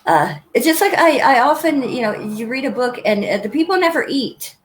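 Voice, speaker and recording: A woman's voice: high voice, expressive, normal speed, slight background noise, rough recording. A woman hosting an author interview in a casual, chatty way, laughing often. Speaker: podcast host interviewing authors. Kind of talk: casual chat.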